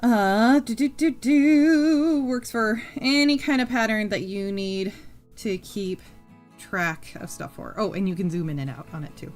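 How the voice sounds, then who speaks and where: A woman chats her way through a live craft stream, rambling from one thing to the next. She hums little tunes under her breath and swears without a second thought. Faint music plays quietly behind her. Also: medium pitch, moderate pace. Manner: rambling and chatty, hums to herself, swears freely. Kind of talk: casual chat while crafting on a live stream.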